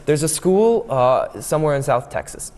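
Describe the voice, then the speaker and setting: A young man, a guest comedian, chatting eagerly and telling a joke in a lively, laughing way. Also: fairly high pitch, moderate pace, big-room sound. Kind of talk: casual interview chat and joke telling.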